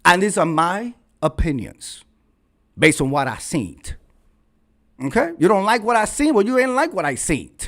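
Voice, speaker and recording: High-voiced man ranting. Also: sing-song, moderate pace, fairly bright tone. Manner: profane, fiery, repeats phrases for emphasis. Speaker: vlog host. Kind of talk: ranting commentary. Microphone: red microphone.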